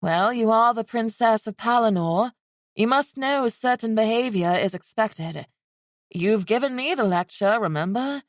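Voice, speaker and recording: A woman voicing a guarded young elf warrior queen who speaks low, curt and firm. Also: expressive, a little slow, dry recording, studio quality.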